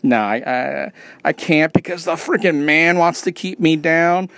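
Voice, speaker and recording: A man's voice: fairly high pitch, unhurried, gravelly, fairly bright tone, dry recording. A man ranting casually in a rambling, profane and sarcastic way. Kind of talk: casual rant.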